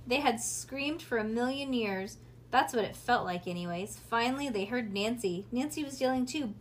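A woman reading a children's storybook aloud in a casual, lively way with small slips. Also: fairly high pitch, moderate pace, noisy background. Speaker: reader.

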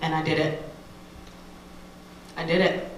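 A woman in her thirties, a radio personality, giving a candid personal testimony talk to an audience, animated and full of asides. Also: deep voice, measured pace, heavy reverb, far from the mic, a little hiss or hum, low-quality recording.

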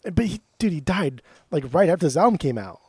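This is an American man co-hosting a casual music podcast, swearing freely and teasing the others. His voice sits a little high for a man, and the sound is dry with no room echo. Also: fairly quick, breathy edge. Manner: profane, teasing, animated storyteller. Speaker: podcast co-host. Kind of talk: casual chat.

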